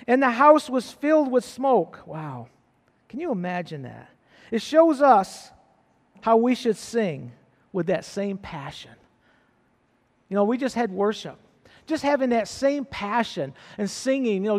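High-voiced impassioned male preacher, echoing hall. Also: normal speed. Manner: impassioned, rises to chanting and shouting. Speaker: pastor. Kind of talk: sermon. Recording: long hall reverb.

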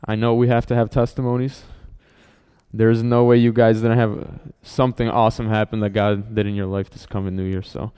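A man's voice: on the low side, little pitch movement, fairly quick, dark tone, smooth. A man leading a church service, making announcements and calling people up to share, encouraging and using frequent fillers.

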